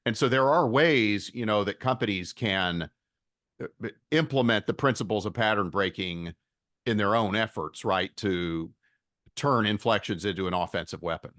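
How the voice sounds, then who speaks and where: A low-pitched man talks as an investor guest on a podcast. He explains things steadily and often repeats the first words of a phrase. His voice is recorded close and dry, with no room sound. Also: normal speed, a bit bright, no room sound. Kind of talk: podcast interview.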